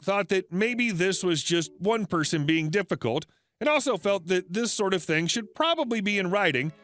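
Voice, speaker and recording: A man narrating a first-person story in an even, scripted storytelling manner. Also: high voice.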